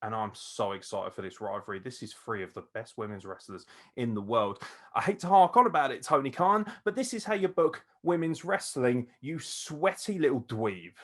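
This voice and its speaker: A man hosting a casual wrestling review, excitable, swearing freely and laughing often. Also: medium pitch, normal speed. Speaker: podcast host.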